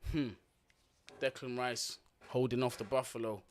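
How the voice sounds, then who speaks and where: A man's voice: medium pitch, level tone, a little slow. A man hosting a football watch-along, giving blunt, slangy live commentary, swearing freely and talking straight to his viewers.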